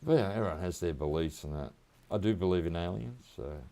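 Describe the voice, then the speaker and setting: A deep, gravelly-voiced Australian man in middle age, talking loosely over gameplay. His tone is dark and mellow, and he rambles in a relaxed way, dropping slang like "mate" and "reckon" with easy chuckles. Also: fairly quick. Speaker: gaming streamer. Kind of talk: casual gameplay chat.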